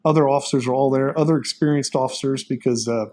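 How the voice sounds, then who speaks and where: Male pastor and ex-cop, 50s, earnest storyteller, halting and emotional. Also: medium pitch, fairly even intonation, warm tone, poor audio. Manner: earnest, self-described crier, halting with many fillers. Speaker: pastor and former police officer.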